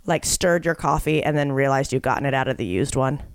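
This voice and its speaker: A young woman in casual podcast chat, telling an animated story and acting out the lines of the people in it. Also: rumbling low, fast talker, no room sound, clean studio sound. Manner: animated, swearing, acts out quotes.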